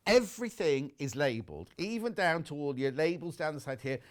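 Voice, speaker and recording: A man's voice: fairly high pitch, big pitch swings, brisk. A man hosting a live shopping channel show from a TV studio, showing products in a chatty, teasing way.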